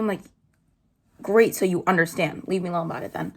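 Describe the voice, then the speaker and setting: A woman's voice: fairly low pitch, quick pace, creaky, a little mellow, slight background noise. Chatty young woman telling a storytime. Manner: casual, chatty, swears freely, acts out quotes. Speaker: vlogger. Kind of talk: storytime chat while doing makeup.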